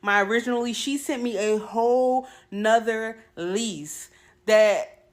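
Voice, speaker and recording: A woman's voice: on the high side, slow. A woman telling a story in a casual rant about a surprise fee, acting out what she and the property manager said. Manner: animated, acts out both sides of the exchange. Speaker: tenant ranting about her landlord.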